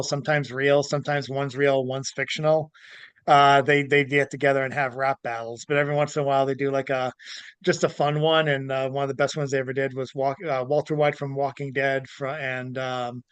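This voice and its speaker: A man hosting a casual podcast, animated, laughing easily and stumbling over words as he chats and reads aloud. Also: mid-range voice, clean tone, no echo. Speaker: podcast host. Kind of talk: casual chat and reading aloud.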